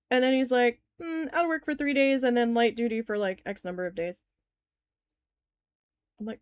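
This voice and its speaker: A woman's voice: sits high, moderate pace, pauses often, clean tone, no room sound. Candid woman telling a story, swearing freely. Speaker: crafting vlogger telling a story. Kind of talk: casual storytelling while crafting.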